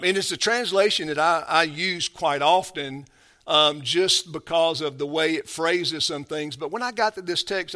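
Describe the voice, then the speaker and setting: Emphatic, bright-voiced male preacher. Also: on the high side. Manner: emphatic preaching, with hushed passages; repeats words and restarts often. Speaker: pastor. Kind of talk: sermon.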